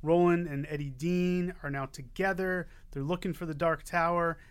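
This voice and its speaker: A man's voice: a little high, fairly even intonation, normal speed, smooth. A man co-hosting a podcast, bantering playfully about comics and his day. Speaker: podcast co-host. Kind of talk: casual comics chat.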